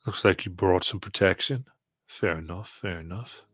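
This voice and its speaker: A man's voice: low voice, normal speed, a bit bright, husky, no room sound. A man voicing a weary male guard who grudgingly settles a deal in a tabletop game.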